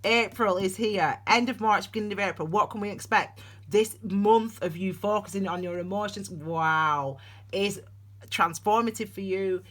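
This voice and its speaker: A woman giving a tarot reading for her channel, talking in a chatty, digressive and animated way. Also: mid-range voice, normal speed. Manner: calls viewers "my darlings". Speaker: tarot reader. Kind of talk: casual tarot reading vlog.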